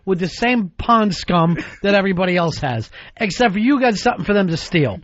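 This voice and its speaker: A man's voice: high voice, lively intonation, fairly quick, no room sound. A man co-hosting a crude comic radio show, blunt and profane, laughing through his rants. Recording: slightly dull broadcast audio with faint music.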